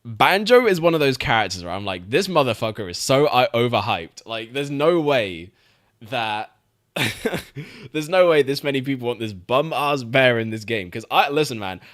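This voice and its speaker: A man's voice: mid-range voice, expressive, moderate pace, fairly bright tone, dry recording, clean studio sound. A young man streaming, chatting casually about games, swearing freely and laughing often. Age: young adult. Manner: laid-back, swears, laughs often, repeats words.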